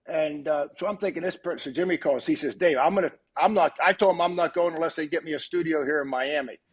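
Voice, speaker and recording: An older man with a husky, slightly hoarse voice that sits a bit above the usual male pitch. He tells casual stories as a podcast guest and jumps into lively quoted dialogue as he goes. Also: fast. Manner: animated storyteller who acts out quoted dialogue. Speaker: podcast guest, retired football coach. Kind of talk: casual anecdotal storytelling.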